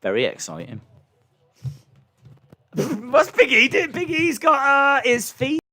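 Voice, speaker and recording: A man hosting a live reaction stream, excitably commenting and answering chat questions, his microphone clipping when he gets loud. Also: very high-pitched, takes it slowly. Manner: excitable, hums entrance themes, answers chat. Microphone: desk microphone that clips when loud.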